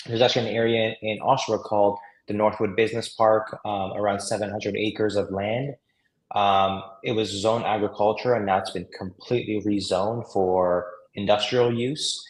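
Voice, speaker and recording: A man on a video call, guesting as a realtor in a round table discussion. His voice is lowish and flat, measured and full of fillers, and the room is roomy and echoey.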